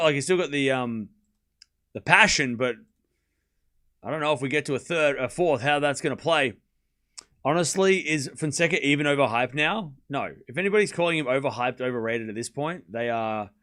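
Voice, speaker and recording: A man hosting a live tennis watchalong stream, calling points with excitement and chatting casually and bluntly with his viewers. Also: medium pitch, moderate pace. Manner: excited play-by-play, then ranting casually at chat. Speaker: stream host and tennis commentator. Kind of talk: live watchalong commentary with chat.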